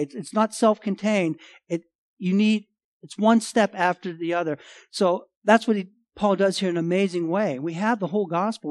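A male pastor preaching a sermon, emphatic, swinging between loud and quiet and repeating phrases. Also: high-pitched, no echo, clean studio sound.

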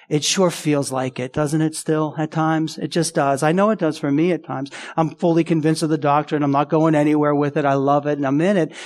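High-voiced man preaching emphatically. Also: a little mellow. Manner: emphatic, conversational, rhetorical questions. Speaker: pastor. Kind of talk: sermon.

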